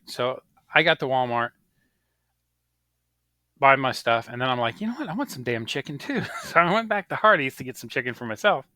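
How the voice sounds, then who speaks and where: With a mid-range voice and no echo on the audio, a man in his thirties co-hosts a podcast. He tells stories in casual chat, animatedly performing the voices of the people he quotes.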